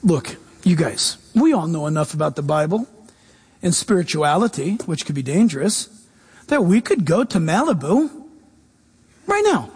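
A pastor preaching a sermon, animated, swinging between loud and soft. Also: male voice, a little high, moderate pace, slightly rough, long reverb tail.

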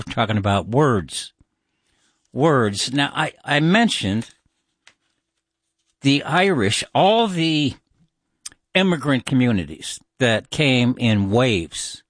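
A man's voice: mid-range voice, very animated, slow, a bit bright, no echo, clean studio sound. A man hosting a call-in radio show, chatting in a musing, informal way with many fillers.

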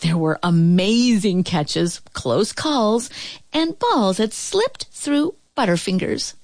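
A woman reading a children's storybook aloud in an expressive voice that rises and falls with the action. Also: medium pitch, slow pace, no echo. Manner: expressive, rising and falling with the action.

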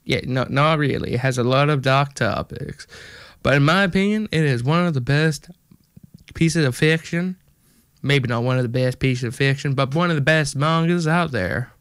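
A man's voice: medium pitch, normal speed, fairly bright tone, smooth, no room sound, studio quality. A young man hosting an online radio show in a put-on American country accent. He rambles casually and pokes fun at himself, with lots of fillers. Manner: rambling, self-deprecating, chatty with many fillers.

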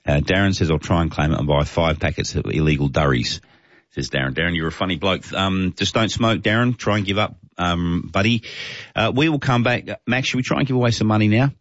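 A man's voice: deep voice, brisk, a bit bright, no room sound, lo-fi sound. A man with an Australian accent hosting talk radio, reading listener texts in a chatty, jokey, matey way. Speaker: radio host.

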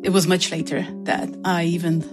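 A woman's voice: on the low side, normal speed, over loud music. A woman from Brazil, an opera singer, telling her story in an interview and acting out the dialogue in different voices. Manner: lively, acts out dialogue in voices.

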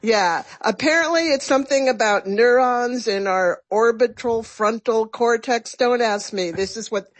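A woman's voice: on the high side, measured pace, few pauses. A woman who is a resident radio chef, chatting casually and walking through a recipe step by step in a giggly, talkative way.

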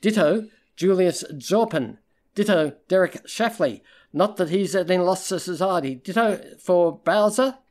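A man's voice: high-pitched, animated, a little slow, a little mellow, pitched above the performer's own voice. Male reader doing a cutting, sarcastic female private eye for an audiobook; slightly raised voice. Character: sharp-tongued female private investigator.

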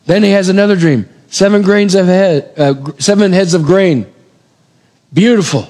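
A man preaching a sermon, retelling scripture with animated storytelling and acting out the characters' lines. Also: high voice, normal speed. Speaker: pastor. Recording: long hall reverb.

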